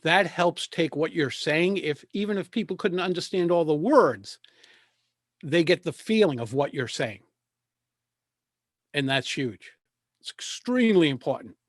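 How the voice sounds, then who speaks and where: A man speaking as a presentation coach over a video call. He talks in a measured way and leaves deliberate pauses. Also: fairly high pitch, animated, no echo, studio quality.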